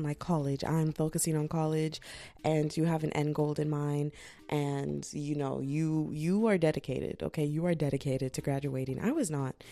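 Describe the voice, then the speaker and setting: A woman's voice: sits low, mellow, no room sound. A young woman in her twenties hosting a casual podcast from bed, tired, loose and profane, slipping into voices when she quotes people. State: fatigued. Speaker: podcast host. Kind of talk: casual chatty podcast monologue. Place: lying in bed indoors.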